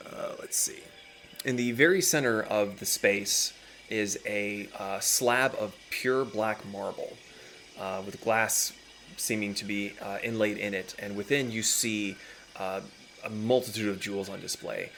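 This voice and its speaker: A man's voice: lowish voice, steady tone, slow pace, fairly bright tone, a little hiss or hum. A man narrating a tabletop game as dungeon master, describing scenes at an easy pace with many fillers.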